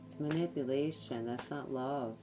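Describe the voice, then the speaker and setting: Music plays behind a woman with a rumbling low voice who speaks at normal speed. Reading tarot intuitively to camera, she hesitates often, repeating words and using lots of fillers.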